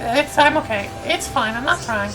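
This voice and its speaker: A woman voicing an earnest, gentle young male hero, speaking softly and politely over game music. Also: on the high side, lively intonation, moderate pace. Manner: soft, polite, a bit hesitant.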